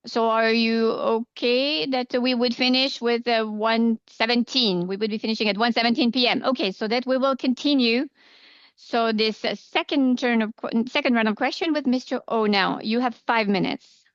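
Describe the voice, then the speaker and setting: A woman interpreting a committee chair live into English, steady, with frequent filler pauses. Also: fairly high pitch, smooth, no room sound. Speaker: simultaneous interpreter. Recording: dull lo-fi interpretation feed.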